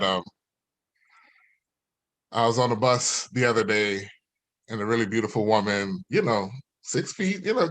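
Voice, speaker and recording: Bright-voiced man telling a stand-up story. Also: mid-range voice, dry recording. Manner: loose, rambling, laughing at his own story. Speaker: stand-up comedian.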